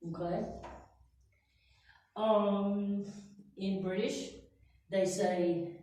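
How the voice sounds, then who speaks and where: Slow, mellow American woman teaching English. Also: mid-range voice, steady tone. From United States. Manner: slow, deliberate, checks in with "Yes?" and "Okay?". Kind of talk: slow classroom lesson. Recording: echoey room, voice far from the mic.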